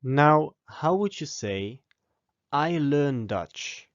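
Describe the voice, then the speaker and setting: A man teaching a scripted language lesson, giving phrases slowly and with pauses so learners can repeat after him. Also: a little high, lively intonation, no room sound, dull audio. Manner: slow, deliberate model pronunciation with pauses for repeating.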